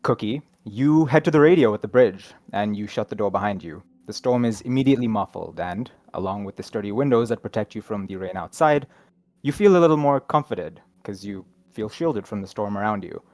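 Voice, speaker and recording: A man's voice: lowish voice, lively intonation, a little fast, darkish tone, dry recording. A man narrating as game master of a tabletop horror game, in a descriptive style. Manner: descriptive, laughs easily.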